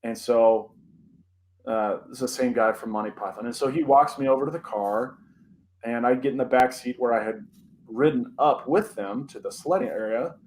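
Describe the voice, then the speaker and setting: A young man co-hosting a podcast, telling a personal spooky story in an animated, dramatic way with many "like" fillers. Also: mid-range voice, moderate pace, slight background noise, low-quality recording. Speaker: podcast co-host.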